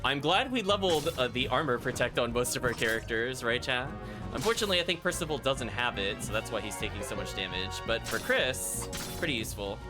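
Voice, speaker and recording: A male streamer talks casually through a game, chatting to his viewers and tossing off wry remarks in a mid-pitched voice. Game music plays clearly behind him. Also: animated, a little fast. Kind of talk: casual let's play commentary.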